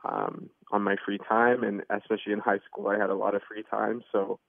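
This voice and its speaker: A man's voice: on the low side, little pitch movement, a little fast, vocal fry, dry recording. A young man calling in as a contest winner, talking in an easygoing, chatty way with lots of fillers and laughs, over a tinny phone line. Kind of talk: casual phone interview.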